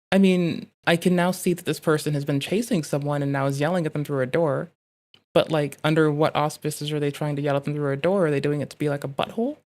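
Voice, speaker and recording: A streamer riffing through casual live reaction commentary, rambling from one tangent to the next and swearing freely. The voice sits at a mid pitch and is picked up close on a desk mic at a home setup. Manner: rambling, profane, thinks out loud in riffs.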